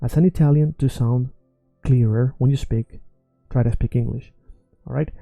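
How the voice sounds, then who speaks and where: A man's voice: mid-range voice, steady tone, normal speed, creaky, warm tone, no room sound, soft background music, rough recording. A man teaching an online language lesson, talking casually and often checking in with "okay?" and "right?".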